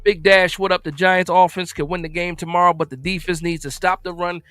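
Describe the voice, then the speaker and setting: A man from New Jersey hosts a live football stream in a relaxed, rambling way, repeating phrases as he answers his chat. His voice sits on the higher side and sounds dry and close. Faint music plays underneath. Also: brisk, clean tone, dry recording. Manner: loose, repetitive, reads and answers chat. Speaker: live-stream sports show host.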